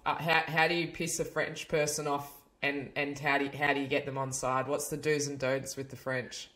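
A woman's voice: deep voice, little pitch movement, a little fast, fairly bright tone. A woman co-hosting a podcast in an upbeat, casual manner. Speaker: podcast co-host.

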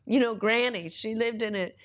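A woman's voice: on the high side, moderate pace. A woman minister preaching in a conversational way, telling testimony stories and weaving in scripture with earnest conviction.

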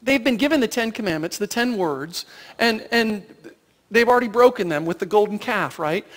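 High-voiced man preaching in a reverberant church. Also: normal speed. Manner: conversational, asks the congregation rhetorical questions; animated, acts out Bible characters' lines. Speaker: pastor. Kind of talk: sermon. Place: church sanctuary.

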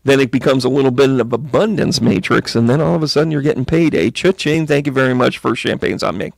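A man's voice: quick pace, creaky, no echo. A man giving a casual, joking tarot reading to viewers on a livestream, chatty and playful. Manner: jokey, chatty, slips into silly high voices.

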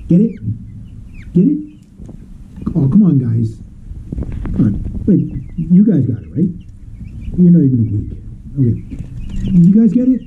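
A man telling a rambling joke in a casual, animated way, full of fillers. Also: fairly high pitch, a little slow, long pauses. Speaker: vlogger telling jokes to chickens. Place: outdoors at a farm with chickens. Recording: tinny lo-fi phone audio, faint noise.

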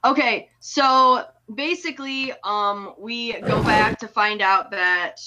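A woman's voice: fairly high pitch, takes it slowly, noisy background. A woman recapping a film in casual chat, talking easily with frequent fillers like "you know". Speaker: film reviewer.

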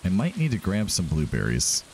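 A man's voice: low-pitched, wildly swooping pitch, moderate pace, darkish tone, slight background noise. A man hosting a let's play, chatting casually and thinking aloud as he plays. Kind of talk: casual gameplay commentary. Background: game music.

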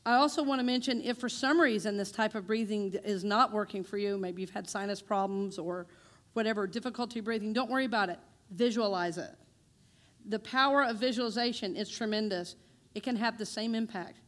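A woman's voice: medium pitch, fairly quick, fairly bright tone. A woman minister giving a chatty, conversational sermon in a church, joking with her congregation. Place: church sanctuary.

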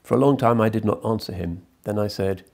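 Man reading as an older desert chief in grief, deep mellow voice, restrained. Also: brisk, creaky. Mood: grave. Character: grieving Libyan tribal chief, older man.

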